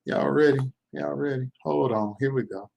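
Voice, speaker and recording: A male live-stream host with a gravelly, slightly raspy voice set at an average pitch. He talks casually and with animation, and he repeats his phrases and exclaims like a churchgoer. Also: normal speed, a little mellow.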